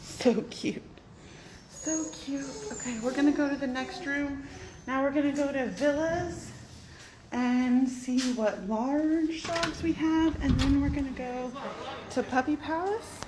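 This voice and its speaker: A woman's voice: high-pitched, a little slow, noisy background. A woman walking through an animal shelter, introducing adoptable dogs and cooing at them in baby talk. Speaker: animal shelter staff giving a walkthrough. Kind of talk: casual walkthrough talking to dogs and viewers. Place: echoey animal shelter kennel with barking dogs. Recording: echoey kennel, loud barking behind.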